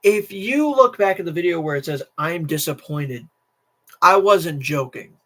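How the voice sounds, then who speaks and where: A tired teenage boy rants to his stream in a rambling, restless way. He keeps circling back, restarting his sentences and repeating himself. His voice sits a bit high for a young man. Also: lively intonation, a little slow, fairly bright tone. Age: teens. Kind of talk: casual political rant to camera.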